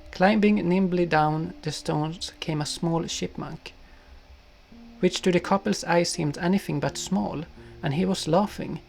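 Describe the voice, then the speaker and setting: A man narrating a storybook in a gentle, unhurried manner. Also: on the high side. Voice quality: gravelly. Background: soft guitar music.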